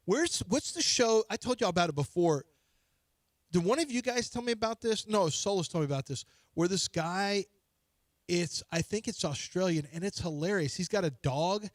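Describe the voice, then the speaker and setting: A man with a slightly high voice rambles through a self-mocking story as a sports radio host. He talks into a studio microphone with a close, dry sound. The talk is loose and casual. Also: expressive, moderate pace, no echo.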